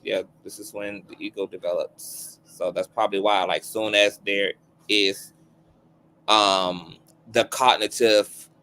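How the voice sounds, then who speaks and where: Man, very low voice, measured explainer, reads from notes, faint background noise. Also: fairly bright tone, rough recording.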